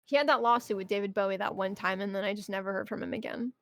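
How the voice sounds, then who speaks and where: A woman's voice: mid-range voice, steady tone, fast talker, no echo. A young woman streamer chatting casually and ranting about her job, swearing often and breaking into mock outbursts. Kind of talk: casual chat.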